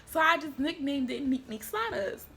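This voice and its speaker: A woman's voice: sits high, big pitch swings, normal speed. A young woman, vlogging at home in a casual, slangy way that turns emotional at times. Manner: chatty, slangy, emotional, quietly tearful at times. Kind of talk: casual chat.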